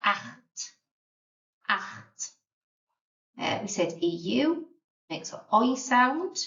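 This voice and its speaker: A woman's voice: fairly high pitch, very animated, slow, vocal fry, a bit bright. A woman teaching a beginner language lesson, patiently sounding out and spelling words. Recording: roomy, distant, dull lo-fi sound.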